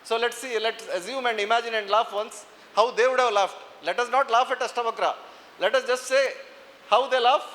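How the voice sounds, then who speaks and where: Police officer speaking to students, Indian English accent, high bright voice, teasing, echoey hall. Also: male voice. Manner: teasing, coaxing the audience. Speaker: police officer giving a talk. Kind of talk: motivational talk to students.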